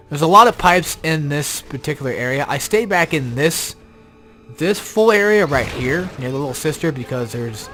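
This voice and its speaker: A man's voice: medium pitch, a bit bright. A young man giving casual, rambling gameplay commentary, tired and yawning, swearing often and turning exasperated, with an odd robotic glitch on his voice. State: sleepy, yawning. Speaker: game guide commentator.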